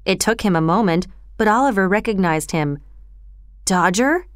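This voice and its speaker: A woman reads a storybook chapter aloud in a calm, even way. Her voice is smooth and clear in a dry recording, with a middle pitch. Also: fairly quick, no room sound. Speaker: narrator.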